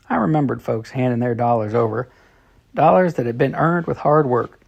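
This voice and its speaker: A man's voice: mid-range voice, moderate pace, gravelly, a little mellow, muffled recording. A man reading a children's story told in letters, in plain, friendly storytelling. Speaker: storybook reader.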